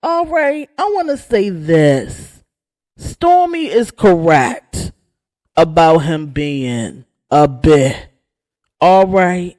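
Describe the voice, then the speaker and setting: A woman rants with sarcastic sass as the host of a gossip channel. She takes her time over her words, and her pitch leaps up and down with every jab. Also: extremely slow. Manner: sassy, sarcastic, animated. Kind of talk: casual gossip rant.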